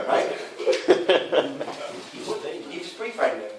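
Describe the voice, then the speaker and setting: A man's voice: mid-range voice, slow, pauses often. Guy explaining dating tips, does little voices for quotes, faint background noise, sounds far off. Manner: animated, acts out quoted lines in changed voices. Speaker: dating coach. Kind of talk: casual explanatory chat. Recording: roomy echo, mic from a distance, faint noise.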